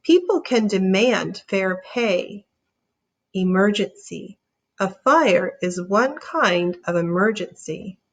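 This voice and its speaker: A woman teaching a reading lesson, sounding out words slowly and encouraging young readers. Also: medium pitch, lively intonation. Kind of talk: slow, clear phonics lesson.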